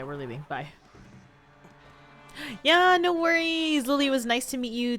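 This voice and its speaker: A woman streaming a video game live, chatting to her viewers and playfully whining and pleading at the game with frequent laughs. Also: mid-range voice. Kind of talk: live gameplay stream commentary.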